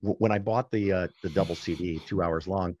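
A man guest on a podcast, casually telling anecdotes with quick asides and self-corrections. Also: low voice, steady tone, a little mellow, breathy edge. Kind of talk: casual storytelling in conversation.

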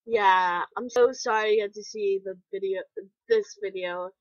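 A woman hosting a reaction video, talking in an excitable, apologetic way and exclaiming often. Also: medium pitch, moderate pace, no echo. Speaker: video host. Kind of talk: reaction commentary. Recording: dull lo-fi home recording.

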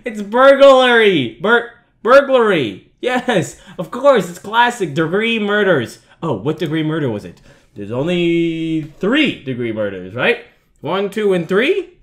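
A man's voice: high-pitched, very animated, slow. Jumpy young man yelping through a horror game. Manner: jumpy, swearing, yelping and laughing at scares. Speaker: gaming video host. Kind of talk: horror game playthrough commentary.

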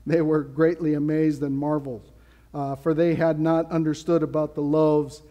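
A man's voice: on the high side, little pitch movement, normal speed, dull audio. A man preaching a sermon as pastor, in a casual, conversational way with playful asides. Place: church sanctuary. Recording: long hall reverb.

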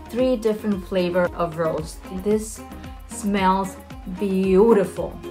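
A woman vlogger reviewing her perfume collection in a casual, animated way, talking straight to her viewers. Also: mid-range voice.

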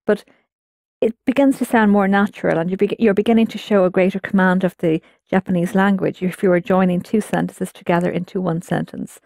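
A woman's voice: lowish voice, fairly even intonation, brisk, vocal fry, darkish tone, dry recording, clean studio sound. Patient woman teaching a language class. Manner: patient, explanatory, prompts students. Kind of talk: guided language lesson.

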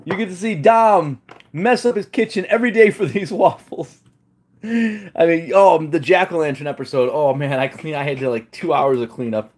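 He has a fairly high, darkish voice and a moderate pace. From his home kitchen he hosts a cooking challenge for a live audience, keeping things loose, humorous, and self-deprecating.

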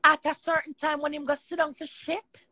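A woman's voice: high-pitched, little pitch movement, normal speed, pushed and bright, no echo. A Jamaican woman talking casually on a live chat, emphatic and rambling.

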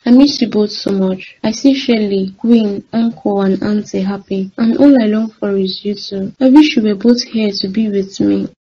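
Woman voicing a wistful orphan in a cartoon, husky and dark. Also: medium pitch, fairly even intonation, normal speed, few pauses, lo-fi sound, natural voice. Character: grieving orphaned young woman, Kate.

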